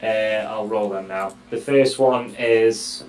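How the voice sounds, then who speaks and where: Slow man counting dice rolls. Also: lowish voice, fairly even intonation, roomy sound, faint music behind, rough recording. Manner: slow and deliberate, counts dice out loud, swears now and then. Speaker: player. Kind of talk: playing a tabletop game over voice chat.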